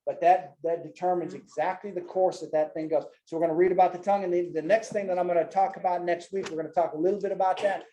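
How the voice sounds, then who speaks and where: A man leads a Bible study in a loose, folksy manner, talking to his class in a slightly raised, mellow voice. He keeps tagging his sentences with "man" and "right?", and his voice rings out in a roomy meeting room. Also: high voice, fairly even intonation, fast, few pauses, slight background noise. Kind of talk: casual teaching with personal stories. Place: church classroom with a group.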